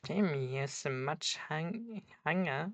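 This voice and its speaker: A low-voiced woman streamer gives casual reaction commentary on a video, slow and halting as she searches for words and restarts. Her intonation is lively, with soft background music behind her.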